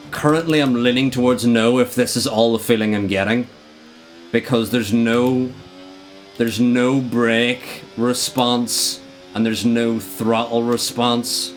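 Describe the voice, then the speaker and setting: A young man streaming a racing game live, joking around and swearing in frustration as he talks to his chat. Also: mid-range voice.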